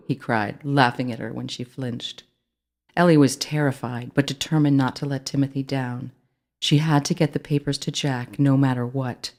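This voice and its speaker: An author reading their own children's book aloud, in clear, steady storytelling narration. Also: mid-range voice, moderate pace.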